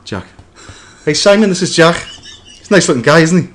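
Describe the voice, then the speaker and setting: A man's voice: fairly high pitch, expressive, fairly quick, natural voice. A man playing an overfamiliar, creepy man who chats up a stranger in an improvised comedy sketch. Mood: creepy friendly. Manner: overfamiliar, chummy, calls everyone mate.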